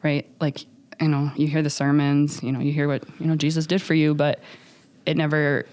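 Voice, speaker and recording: A young adult woman, a podcast guest, telling her story in an animated, filler-heavy way and acting out what others said. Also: low voice, moderate pace. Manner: animated, many fillers, acts out others' lines. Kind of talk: storytelling in a conversational interview.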